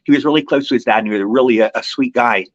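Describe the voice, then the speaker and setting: A man's voice: mid-range voice, racing, no echo. An older man, an actor guest on an interview show, telling long rambling anecdotes in casual chat. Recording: dry, slightly muffled lo-fi recording.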